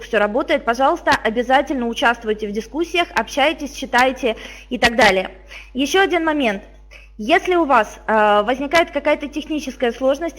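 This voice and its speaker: A woman's voice: on the high side, a bit bright. A woman moderating an online lesson, speaking hesitantly with many fillers. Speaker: course moderator. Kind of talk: webinar moderating.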